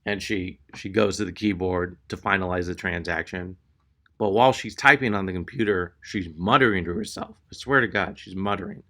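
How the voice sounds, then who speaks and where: Bright-voiced male stand-up comic. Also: low voice, a little fast. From Texas. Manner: exasperated, animated storytelling. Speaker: stand-up comedian. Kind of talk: stand-up storytelling.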